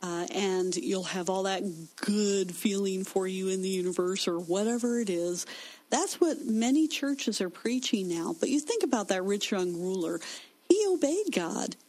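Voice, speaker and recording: A woman's voice: medium pitch, normal speed, darkish tone, poor audio. A woman in a Christian discussion who teaches from scripture with emphatic stress.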